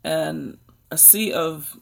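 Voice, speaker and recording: A woman's voice: sits low, very slow, creaky. An American woman hosting a live book stream, chatting casually and rambling to her viewers. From United States. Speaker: book channel host.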